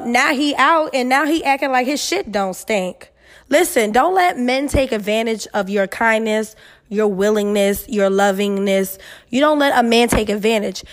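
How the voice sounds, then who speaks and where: A young adult woman hosting an advice podcast, reading listener emails and giving blunt, profane, animated advice. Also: fairly high pitch. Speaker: podcast host.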